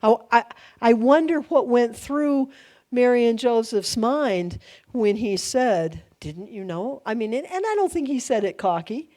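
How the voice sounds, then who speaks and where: A middle-aged woman pastor teaching a Bible study, animated, laughing often and acting out quoted lines. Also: fairly high pitch, a little slow.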